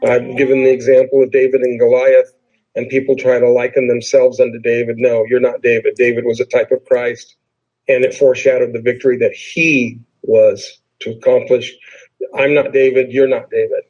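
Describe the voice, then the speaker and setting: A man teaches a sermon in an easy, conversational way, repeating his points and slowing down to read scripture aloud with weight on key words. His voice is slightly husky, and the recording sounds dull and lo-fi. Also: medium pitch, flat delivery, darkish tone. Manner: slows down to read scripture with emphasis. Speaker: preacher.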